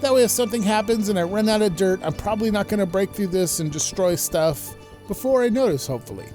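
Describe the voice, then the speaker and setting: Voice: medium pitch, expressive, fast talker, darkish tone, faint music behind. A Minecraft creator narrating a gameplay tour and walking through builds step by step in a voice-over.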